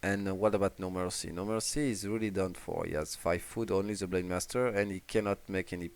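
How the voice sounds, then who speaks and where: A man's voice: low voice, fairly even intonation, brisk. A man with a French accent casting a strategy game casually, talking hesitantly with many fillers and restarts. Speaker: esports caster.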